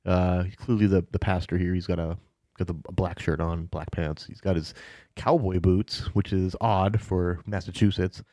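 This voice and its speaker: A man narrating a tabletop horror game as game master, in a relaxed way with many fillers. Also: low voice, moderate pace, hardly any pauses, no echo, clean studio sound.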